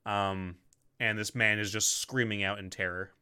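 A man's voice: lowish voice, level tone, normal speed, sharp tone, clean tone. A man narrating as game master of a tabletop game, hesitant, with many ums and restarts.

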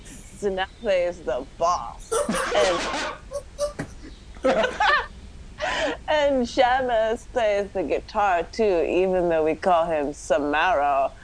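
A woman's voice: on the low side, very slow, long pauses, noisy background. A woman podcast host doing a comic dramatic reading of a story, often breaking into laughter as she reads.

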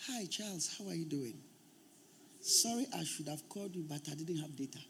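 A man's voice: a little high, animated, moderate pace, a bit bright, slight background noise. A man voicing a sweet, pleading young woman on a phone call, coaxing and apologetic. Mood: soft pleading.

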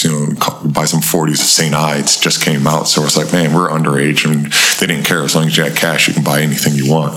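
Low-voiced man telling a street story. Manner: animated storyteller, acts out quoted voices in a higher pitch, swears freely. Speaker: interview guest. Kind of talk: storytelling in a casual interview.

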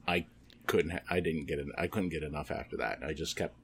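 A man talking casually on a podcast, halting and full of ums and restarts. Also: a bass voice, steady tone, fairly bright tone, slight background noise. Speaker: podcast guest.

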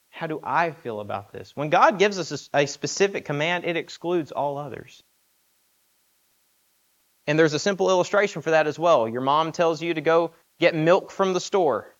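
A man's voice: fairly high pitch, fairly bright tone, highs cut off. A man preaching a sermon in an earnest, emphatic way, asking rhetorical questions.

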